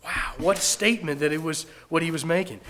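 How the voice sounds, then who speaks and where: A male preacher delivering a sermon emphatically, rising to loud proclamations. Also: a little high, a little fast.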